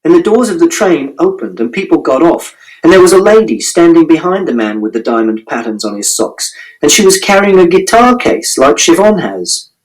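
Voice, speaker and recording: Male audiobook narrator, matter-of-fact, literal first-person telling; animated, slightly high pitch. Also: normal speed, low-quality recording.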